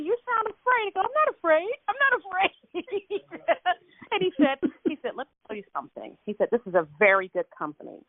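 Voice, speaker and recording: A woman's voice: fairly low pitch, dry recording. A woman on a coaching call, retelling a conversation with lots of laughter and quoted dialogue. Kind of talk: casual storytelling chat. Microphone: phone. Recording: tinny phone line.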